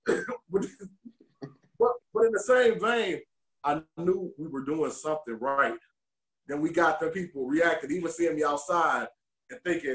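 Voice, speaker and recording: A man from Detroit shares candid stories about his past as a wrestler. He speaks in a high register, animated and openly emotional. His voice bounces around a roomy, echoing space. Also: normal speed. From Detroit, USA. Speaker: podcast co-host and former pro wrestler. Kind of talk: candid storytelling interview.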